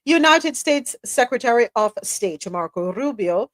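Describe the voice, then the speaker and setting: A woman's voice: a little high, animated, unhurried, dry recording. A woman hosting a live news talk show, reading articles aloud and adding sarcastic asides. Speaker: host.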